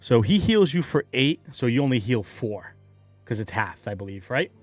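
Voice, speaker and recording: A man narrating a tabletop game as game master, animated and quick to laugh. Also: medium pitch, dry recording, soft background music.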